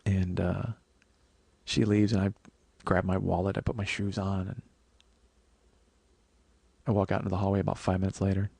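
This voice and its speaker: A man hosting a podcast, telling a candid, profane comedic story with frequent fillers and animated acted-out quotes. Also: sits low, moderate pace, creaky, long pauses, husky, no room sound.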